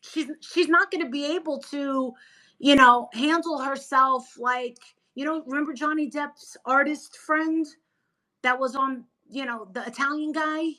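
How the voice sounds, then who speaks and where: A woman guest in a casual chat, talking in an animated, emphatic, gossipy way. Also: high-pitched, unhurried, poor audio. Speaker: interview guest.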